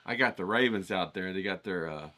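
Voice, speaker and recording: Bright-voiced man teaching casually. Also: low voice, brisk. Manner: rambling, profane, keeps checking in with "okay?". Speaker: writing challenge host. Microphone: filtered through a voice isolator.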